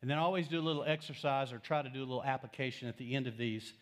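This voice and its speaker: A man's voice: medium pitch, rapid-fire. A man, a pastor preaching a sermon in a church, talking in a conversational, storytelling way and putting questions to the congregation. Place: church sanctuary.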